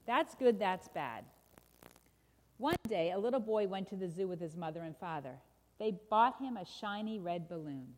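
A middle-aged woman giving a sermon, reading a children's story aloud with lively sound effects before drawing the lesson. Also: medium pitch, fairly quick. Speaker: preacher. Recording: long hall reverb.

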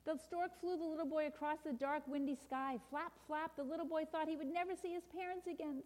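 A middle-aged woman giving a sermon, reading a children's story aloud with lively sound effects before drawing the lesson. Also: sits high, a little fast, few pauses. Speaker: preacher. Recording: long hall reverb.

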